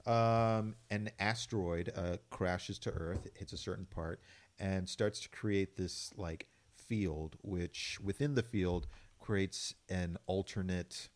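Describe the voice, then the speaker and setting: A man's voice: sits low, takes it slowly. A man co-hosting a casual radio talk show, rambling, swearing and laughing often. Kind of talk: casual chat.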